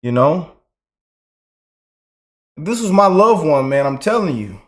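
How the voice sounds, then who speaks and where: A man doing casual reaction commentary for his channel, loud and laughing, talking slangy to his viewers. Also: a little high, big pitch swings, takes it slowly.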